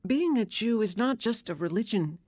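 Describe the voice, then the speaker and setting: An actress playing a worried, torn mother in a radio drama, speaking softly and pleadingly. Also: fairly high pitch, lively intonation, moderate pace, breathy edge, dry recording, studio quality. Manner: soft, pleading.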